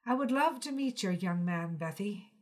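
A woman reading the part of a gentle, affectionate elderly aunt, speaking softly and slowly. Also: mid-range voice, expressive, natural voice. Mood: tender. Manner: soft, quiet and slow.

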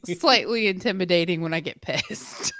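Young female podcast co-host, lively swooping delivery, blunt, laughs easily. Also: lowish voice, moderate pace, a little hiss or hum. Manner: blunt, venting, laughs often. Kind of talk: casual podcast chat.

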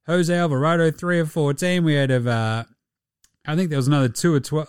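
A young Australian man hosting a casual solo sports podcast, sweary and laughing through animated asides. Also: fairly high pitch, fairly quick, smooth, no room sound, studio quality. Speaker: podcast host.

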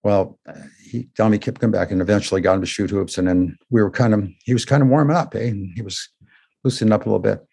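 An older man with a husky, breathy voice and a mellow tone tells his life story in an interview. He retells events animatedly and often tags his phrases with "eh?". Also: lowish voice, quick pace. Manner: says "eh?" at ends of phrases. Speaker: guest telling his story. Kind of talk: emotional personal storytelling.

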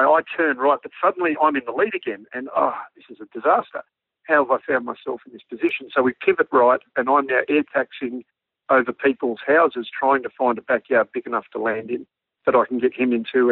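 A man with an Australian accent, a former army pilot, telling a lively anecdote and acting out the dialogue. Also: mid-range voice, fairly quick, slightly rough, no echo. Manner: animated yarn-spinning, acts out quoted dialogue. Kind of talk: storytelling anecdote on radio. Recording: narrow phone-like radio line, dry.

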